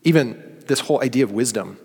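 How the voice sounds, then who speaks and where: A man's voice: medium pitch, fast, creaky, a little mellow, slightly rough. A man preaching a sermon, earnest and story-driven, acting out quoted dialogue. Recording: long hall reverb.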